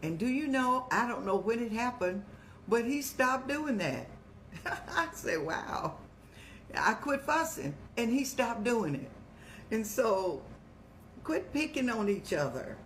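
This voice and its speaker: A woman's voice: on the high side, measured pace, slight background noise. Older woman, folksy preacherly advice host. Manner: folksy, preacherly, calls listeners "child"; lively storytelling with animated rises. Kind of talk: warm advice talk to viewers.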